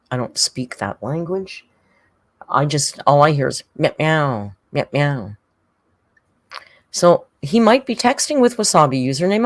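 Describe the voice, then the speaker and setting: Rambling livestream host, animated swooping voice, dry close sound, reads chat and chats to the cat. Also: mid-range voice, dry recording. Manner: chatty and rambling, talks to a pet cat between chat messages; reads viewer comments aloud and thanks members. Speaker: livestreamer reacting to videos and reading chat.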